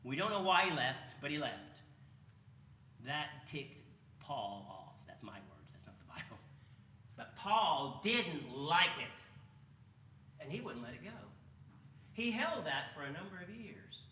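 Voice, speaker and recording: A man's voice: on the high side, very animated, moderate pace, bright, forceful tone, roomy sound, a little hiss or hum. A man preaching a sermon in a conversational way, often asking his listeners rhetorical questions. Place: church sanctuary.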